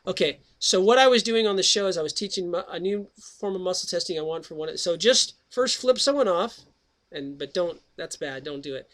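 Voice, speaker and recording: A middle-aged man's high, expressive voice comes through briskly and a bit bright as he hosts his radio show. His talk is a jokey, rambling monologue that jumps around before he turns to reading a book aloud.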